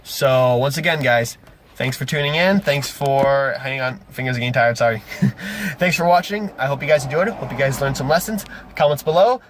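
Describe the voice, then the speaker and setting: A man's voice: mid-range voice, moderate pace, slight background noise. A man game master recapping a tabletop session in a casual vlog, rambling and correcting himself as he goes. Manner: rambling, self-correcting, animated retellings.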